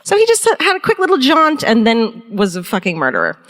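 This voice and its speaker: A woman's voice: on the high side, wildly swooping pitch, a little fast, fairly bright tone, big-room sound. Profane laughing woman on a theatre stage. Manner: profane, laughing, rambling storytelling. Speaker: podcast co-host. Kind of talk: live comedy true-crime podcast.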